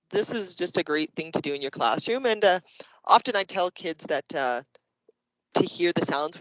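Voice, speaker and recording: A Canadian man with a slightly high voice walks other teachers through classroom activities, acting out little scenes as he goes. The call audio is dry and dull, with a lo-fi edge. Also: dry recording. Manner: lively, acts out classroom examples. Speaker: teacher presenting to educators. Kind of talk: explanatory workshop presentation.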